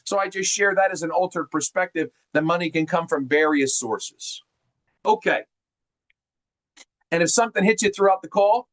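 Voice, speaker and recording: A middle-aged man from New Jersey speaks in a fairly high voice, running a group call like an animated seminar. He is folksy and keeps calling his listeners gang. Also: normal speed, rough recording. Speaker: mortgage presenter on a group call. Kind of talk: energetic seminar talk.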